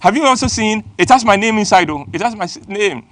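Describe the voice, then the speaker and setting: A man voicing a pompous, flattered big man, showing off his clothes. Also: high voice, fairly quick, no room sound, voice pushed up. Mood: boastful, delighted. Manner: gushing, boastful, excited.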